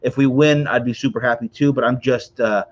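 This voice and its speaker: A man's voice: medium pitch, steady tone, brisk, highs cut off. Rambling man hosting a cigar stream. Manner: rambling, chatty, many fillers and asides to viewers. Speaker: host of a cigar morning show. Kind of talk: casual livestream chat.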